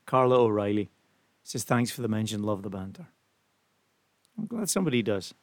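A man's voice: lowish voice, big pitch swings, moderate pace, background noise. A man hosting a radio show, teasing his co-hosts and laughing often. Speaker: radio host. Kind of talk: casual radio banter.

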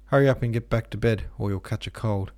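A man's voice: fairly low pitch, quick pace, darkish tone, natural voice. Man voicing a pleading, spiteful young woman. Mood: coaxing. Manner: wheedling, then spiteful.

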